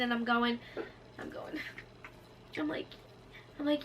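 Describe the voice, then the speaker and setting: Bright-voiced young woman vlogger, slightly distant. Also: normal speed, vocal fry, long pauses. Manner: animated, acts out nurses' lines in a higher voice. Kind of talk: casual storytelling to camera. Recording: slightly distant mic with faint room noise.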